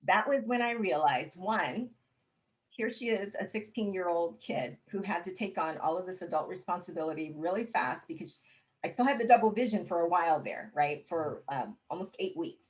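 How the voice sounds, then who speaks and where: Interview guest, female, slightly low pitch, candid, expressive storyteller with a light humorous streak. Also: normal speed, low-quality recording. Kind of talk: casual personal storytelling.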